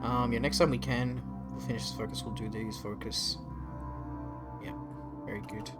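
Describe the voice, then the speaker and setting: A man's voice: mid-range voice, fairly even intonation, normal speed, loud music behind the voice. A man streaming a strategy game live, chatting casually with his viewers and swearing freely. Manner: casual, profane, talks to chat.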